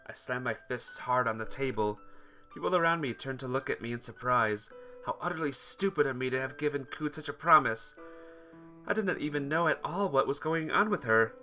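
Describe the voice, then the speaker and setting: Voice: medium pitch, normal speed, pushed and bright. A streamer reading a visual novel aloud, greeting viewers between lines. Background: guitar music.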